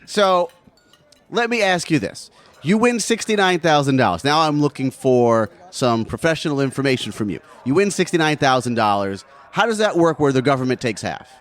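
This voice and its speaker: Male podcast host, very lively pitch, chatty questioner. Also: normal speed, faint music behind. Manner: chatty, laughs easily, asks questions. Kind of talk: casual chat.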